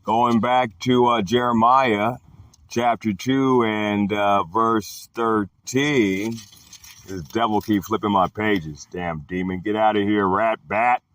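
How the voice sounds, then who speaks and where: A man slowly teaching a Bible chapter in an informal, drawling way, repeating phrases and talking back to an imagined devil. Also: fairly low pitch, fairly even intonation, fairly bright tone, no room sound, recorded from a distance. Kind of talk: informal Bible study monologue.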